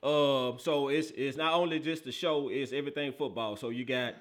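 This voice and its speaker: Bright-voiced hyped man hosting a football show. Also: medium pitch, steady tone, normal speed. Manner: hyped, playful, Southern US slang. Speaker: podcast host. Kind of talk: casual chat.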